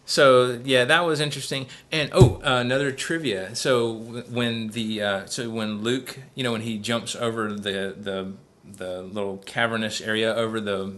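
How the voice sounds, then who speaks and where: A man in easygoing podcast conversation, rambling and jokey. His voice sits fairly low but has a bright, forward edge. He slips into goofy impressions between his trivia. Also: steady tone, moderate pace, few pauses, slight background noise. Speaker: podcast host. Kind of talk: casual podcast chat.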